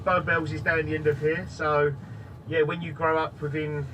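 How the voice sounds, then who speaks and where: A man with a Cockney accent speaks in a relaxed, slightly hesitant way out on a city street. His voice sits fairly high, and passing vehicles are clearly heard behind him. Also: normal speed. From East London, England. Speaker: local passerby interviewed. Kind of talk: casual street conversation. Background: traffic noise.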